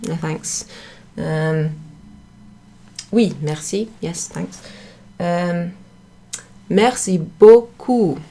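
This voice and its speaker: A woman's voice: sits low, steady tone, very slow, gravelly, mellow. A woman teaching a beginner French lesson in a chatty way, correcting herself and laughing at her own slips. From United Kingdom. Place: indoor room at a pub.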